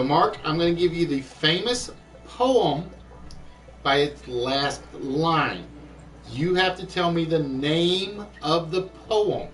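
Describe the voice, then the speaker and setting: A man hosting an online quiz show, chatting and thinking aloud, reading clues out slowly. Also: on the high side, a bit bright, far from the mic, low-quality recording. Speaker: game show host. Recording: voice a bit off-mic with music behind.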